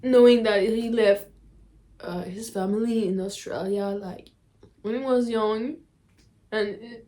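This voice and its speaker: Young woman chatting in a halting, apologetic way. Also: medium pitch, fairly even intonation, warm tone. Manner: halting, searching for words, apologetic. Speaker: reaction video host. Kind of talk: emotional reaction vlog chat.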